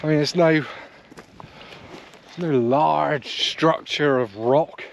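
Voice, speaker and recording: A man's voice: a little high, very slow, gravelly, lo-fi sound, a little hiss or hum. A man, chatting easily to the camera while walking on open moorland. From South West England. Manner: chatty, rambling, easygoing, talks to camera while hiking. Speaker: wild camping vlogger. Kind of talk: casual walking vlog commentary. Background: faint outdoor ambience.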